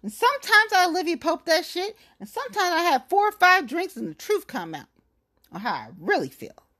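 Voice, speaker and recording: A woman's voice: very high-pitched, big pitch swings, brisk, pushed and bright. Fired-up woman in a profane rant. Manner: blunt, profane, heated, emphatic. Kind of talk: angry venting rant to camera.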